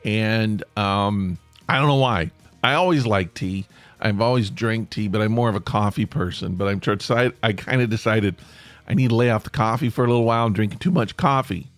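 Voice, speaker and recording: A man's voice: lowish voice, a little fast, dry recording, soft background music. A man hosting a podcast, rambling on in a chatty way with playful asides. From United States. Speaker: podcast host. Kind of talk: casual solo podcast monologue.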